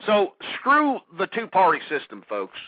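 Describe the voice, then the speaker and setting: A high-voiced man with a Texan accent rants through a political talk radio monologue, swearing and repeating himself. The voice is close and dry, and the recording sounds dull and lo-fi, like an old radio broadcast. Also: huge pitch swings, measured pace, no echo. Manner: heated, ranting, swears often, repeats himself. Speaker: radio show host.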